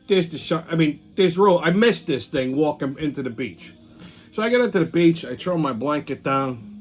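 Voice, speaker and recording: A middle-aged man, hosting a show and telling a profane, ranting story in casual monologue. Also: on the high side. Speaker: show host.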